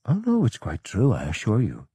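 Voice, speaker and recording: A man's voice: fairly low pitch, wildly swooping pitch, moderate pace, mellow, husky, no room sound, full character voice. A man voicing a cold scheming lord. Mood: cool.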